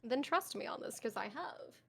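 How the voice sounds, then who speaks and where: Casting: a playful, teasing woman in a game roleplay stream, a bit high-pitched. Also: animated, moderate pace, gravelly, fairly bright tone, slightly rough. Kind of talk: casual game roleplay chat.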